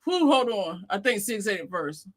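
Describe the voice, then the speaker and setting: A woman's voice: medium pitch, big pitch swings, normal speed. A woman hosting a casual livestream chat, laughing constantly and reading viewer comments aloud. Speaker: livestream host.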